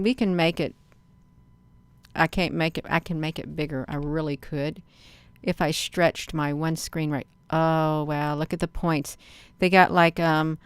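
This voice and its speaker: A woman's voice: sits low, clear, resonant tone, no echo. A middle-aged woman vlogging, rambling chattily over a webcam feed and often addressing viewers as "you all.". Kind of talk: casual commentary on a webcam feed.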